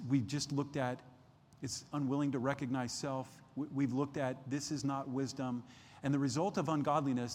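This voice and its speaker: A man preaching a midweek sermon as pastor, emphatic, rising in pitch and force at key points and often restarting phrases. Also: darkish tone, big-room sound, slight background noise. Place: church sanctuary.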